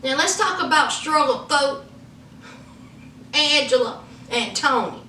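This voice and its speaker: Sassy woman recapping reality TV, high voice, echoey room. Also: slow pace, a little hiss or hum. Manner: animated, slangy, laughing asides. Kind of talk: sassy casual commentary. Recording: roomy, mic at a distance.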